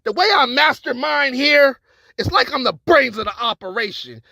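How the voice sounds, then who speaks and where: A man's voice: extremely high pitch, animated, moderate pace, vocal fry, sharp tone, no room sound. Aggressive man spitting battle bars. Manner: aggressive, taunting delivery. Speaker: battle rapper. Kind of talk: battle rap verse.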